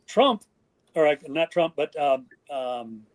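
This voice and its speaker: An older man, a guest in an interview, telling stories in a lively way and acting out what others said. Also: a little high, slow pace. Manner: animated, acts out quoted voices. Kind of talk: storytelling interview.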